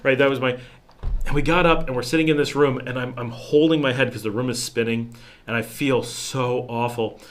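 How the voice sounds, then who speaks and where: Rambling, animated man hosting a live Q&A. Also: medium pitch, brisk. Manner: animated, acts out quotes in changed voices, restarts often. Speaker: livestream host answering viewer questions. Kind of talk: casual rambling storytelling. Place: home in a town abroad.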